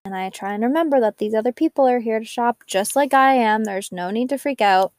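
Recounting her recovery in a chatty, upbeat manner full of "like," a young woman speaks briskly. Her voice is a little high and a little mellow, with no echo.

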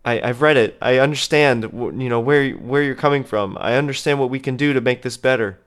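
An earnest female space station heroine stumbles over her words, played by a man in his everyday voice. She is halting and sincere, a mock-dramatic heroine in an improvised comedy story. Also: mid-range voice, fairly bright tone, clean tone, lightly acted.

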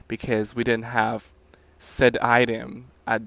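A young man venting about his fast food job in a profane, animated, sassy rant. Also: mid-range voice, creaky, no room sound. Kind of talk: casual rant to camera.

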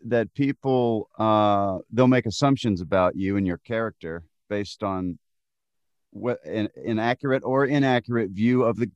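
A man's voice: on the low side, a little slow, darkish tone, clean tone, no room sound. American guy guesting on a chat show, hesitant, slightly muffled dry audio. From United States. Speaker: guest, voice actor. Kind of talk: casual interview chat.

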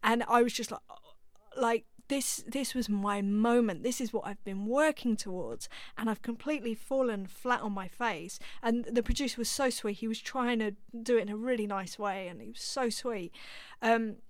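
A woman's voice: a little high, moderate pace, no room sound. A woman, a drummer being interviewed, telling a self-deprecating story and acting out the lines of the people in it. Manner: animated, self-deprecating, acts out quoted lines. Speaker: session drummer, interview guest. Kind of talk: conversational storytelling.

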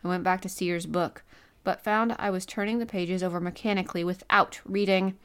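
A woman narrating a classic adventure novel as an audiobook, reading in a first-person voice with expressive turns. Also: fairly low pitch, a little fast, clean tone. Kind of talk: scripted narration.

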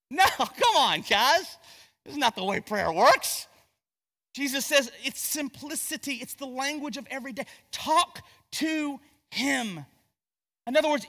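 Preaching in a church sanctuary with big-room sound, a Southern-accented man from Gastonia, North Carolina, keeps his sermon conversational and full of jokes, often restarting sentences. His voice is extremely high-pitched, bright, and forceful.

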